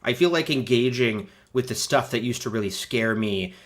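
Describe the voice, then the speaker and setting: On a live stream, a male host chats casually in a relaxed, meandering way, full of fillers and restarts. His voice is mid-range and slightly bright, moving at a normal speed.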